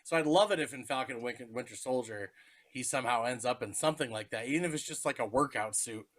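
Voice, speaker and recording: A man's voice: mid-range voice, fast, fairly bright tone. A man co-hosting a casual podcast, joking, cutting in and swearing as he banters. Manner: joking, interrupting, profane. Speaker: podcast co-host.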